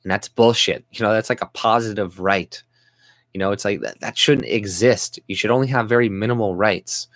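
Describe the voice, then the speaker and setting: Young Canadian man, exasperated vlog ranter, profane, rambling, lowish voice. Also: normal speed, fairly bright tone, no echo. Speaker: vlogger. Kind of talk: angry political rant.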